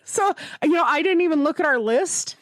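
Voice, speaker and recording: A woman's voice: sits high, lively intonation, brisk, no echo. A woman co-hosting a podcast in casual chat, rambling, laughing often and swearing freely. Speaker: podcast co-host.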